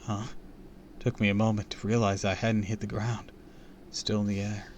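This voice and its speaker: A man reading a spooky children's story aloud on a live stream, with an expressive, theatrical delivery. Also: fairly low pitch, normal speed, a little hiss or hum.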